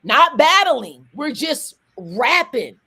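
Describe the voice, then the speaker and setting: A rapper in her forties from Atlanta, in the American South, talks as a guest in a casual interview, though her accent is neutral rather than regional. Her voice is high, and she's animated, telling stories fast in bursts full of restarts and asides.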